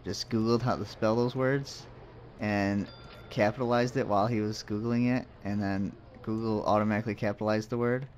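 A man's voice: on the low side, fairly even intonation, moderate pace, darkish tone, muffled recording. A man casually commenting as he plays a game, rambling and muttering to himself with jokes along the way. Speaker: let's play host.

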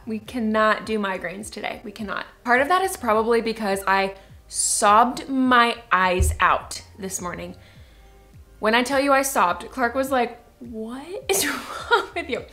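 A woman's voice: mid-range voice, fairly bright tone. A woman vlogging casually from her own home as a stay-at-home mom, upbeat and chatty, with lots of "like" fillers. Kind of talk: casual home vlog chat.

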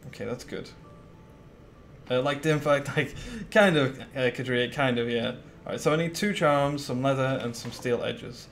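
A man in casual live-stream commentary, with a mid-pitched, conversational voice that rambles and is full of fillers as he thinks aloud. He answers his chat as he goes, and faint game music sits behind him. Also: moderate pace.

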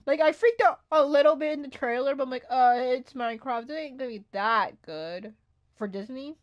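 A woman with a high, light voice chats through a gaming livestream. She talks to herself as she plays, easily excited, with frequent gasps. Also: normal speed, dull audio. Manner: excitable, gasping, talks to herself while playing. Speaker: streamer. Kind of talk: casual gaming livestream chatter.

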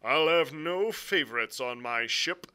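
A man reading aloud, voicing a stern, curt male ship captain who gives clipped, slow, loud orders. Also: medium pitch, animated. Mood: commanding.

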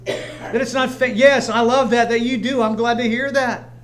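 A man's voice: very high-pitched, steady tone, normal speed. A man pastor preaching a sermon in a church, emphatic and repetitive, weaving in personal stories. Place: church sanctuary, streamed live.

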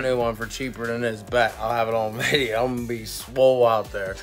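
A man casually chatting and reviewing his cannabis gear in a vlog, excitable and swearing constantly in slangy talk. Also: medium pitch, a little fast, faint music behind. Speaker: cannabis vlogger. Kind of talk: casual profane vlog chat.

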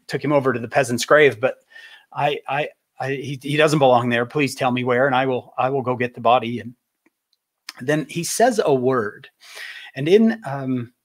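A man from Utah giving a faith talk as a public speaker, telling stories with animation and slowing down for emphasis. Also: medium pitch. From Utah, USA. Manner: animated storyteller, slows for emphasis.

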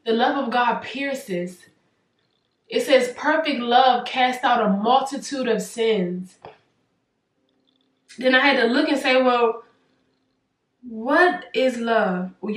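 A woman's voice: on the high side, distant mic. A young woman earnestly sharing a personal faith testimony as a vlogger, building her points through preacherly repetition. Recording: roomy sound, away from the mic.

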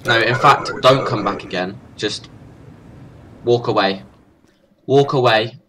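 A man's voice: on the low side, a little slow, background noise. A young man hosting a let's play, talking crudely and mockingly at the characters in the game. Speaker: gaming channel host.

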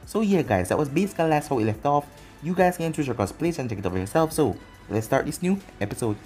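A man's voice: fairly high pitch, animated, fast talker, a little mellow, faint music behind. A man narrating a fan fiction story in long run-on sentences chained together.

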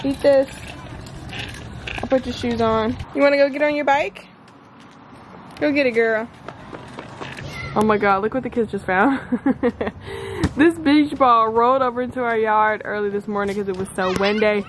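A young, heavily pregnant mom with a high, bright voice, chatting loosely with her kids and laughing a lot. She is recorded on a phone or handheld camera outside in a yard, with strong outdoor noise behind her. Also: moderate pace, pauses often. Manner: talks to her kids, laughs often, loose Southern-style casual speech. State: heavily pregnant, back pain. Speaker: vlogger and stay-at-home mom. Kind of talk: casual family vlog chatter. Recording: noisy outdoor phone video. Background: outdoor ambience with kids playing.

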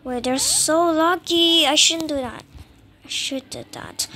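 Very high-pitched excitable woman gamer. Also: measured pace, a little hiss or hum. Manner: excitable, frustrated outbursts, self-mocking. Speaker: gaming channel host. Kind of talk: casual game commentary.

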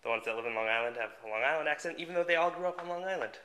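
A man's voice: a little high, lively intonation, very fast, bright, forceful tone. A man chatting as a guest, telling rambling jokey stories. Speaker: guest artist. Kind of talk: casual chat.

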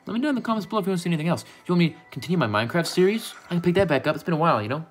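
A man's voice: on the high side, big pitch swings, rapid-fire, faint music behind. A man hosting a casual gaming vlog from his room, talking in a goofy, rambling, playfully affectionate way. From United States. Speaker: gaming YouTuber.

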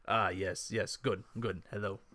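A stiff, hesitant adventurer, as a game master plays him, answering in halting, formal phrases. The voice sits a little lower than a man's usual talk and sounds bright, with a dry, close recording. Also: steady tone, no echo.

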